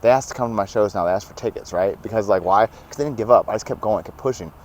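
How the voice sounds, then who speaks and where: A young man telling stories as a podcast guest, animated and laughing often, acting out what others said. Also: lowish voice, fast talker, slight background noise. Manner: animated, laughs often, acts out quoted dialogue. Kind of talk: casual storytelling.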